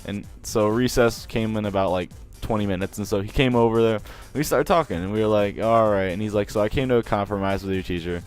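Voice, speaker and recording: A man's voice: on the low side, fast, hardly any pauses, faint music behind. A man telling a story from school days in a casual, rambling way, laughing often and restarting sentences. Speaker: vlogger.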